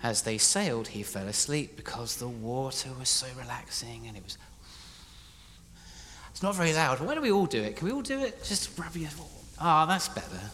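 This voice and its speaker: A man preaching live in a church hall, playful and energetic, directing his congregation as he tells a story. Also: mid-range voice, normal speed. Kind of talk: interactive sermon storytelling. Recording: reverberant hall, faint noise.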